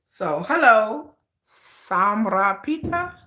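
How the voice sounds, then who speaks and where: A woman's voice: a little high, drawn-out words, roomy sound. A woman hosting a casual livestream, chatting and laughing often as she talks to her viewers. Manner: chatty, animated, laughs often, addresses chat as y'all. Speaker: livestream host.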